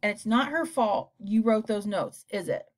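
A woman voicing a stern middle-aged father who speaks firmly and calmly in an audiobook. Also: medium pitch, lightly acted. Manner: firm, measured. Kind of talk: audiobook character voice.

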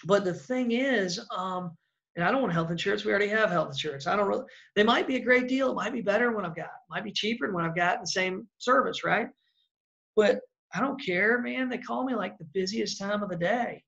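Male real estate coach, blunt and chatty, gravelly voice, lo-fi sound. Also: high-pitched, fairly quick, a bit bright. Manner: blunt, conversational, acts out example calls. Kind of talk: casual coaching talk.

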